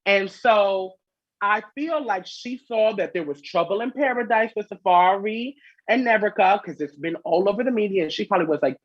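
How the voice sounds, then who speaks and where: Sassy husky-voiced male gossip host. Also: sits high, normal speed, no room sound, muffled recording. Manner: sassy, animated, chatty. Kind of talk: casual gossip vlog.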